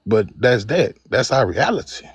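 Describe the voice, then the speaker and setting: A man from Mississippi talks in a middle pitch. He speaks reflectively and stumbles now and then. The sound is dry and close. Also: very animated, slightly rough, no echo. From Mississippi, USA. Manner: reflective, halting, repeats words. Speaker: debate participant. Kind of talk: personal testimony in an online debate.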